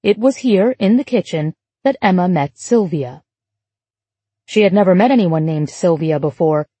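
A woman reading a novel aloud as an audiobook narrator, with an even, literary storytelling delivery. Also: on the low side, normal speed, husky, dry recording. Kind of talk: scripted narration.

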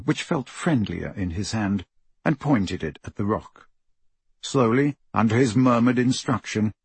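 A man narrates a story in a slow, measured way. His voice is husky and sits a bit low. The sound is dry and close to the mic. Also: no echo. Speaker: audiobook narrator. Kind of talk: scripted narration.

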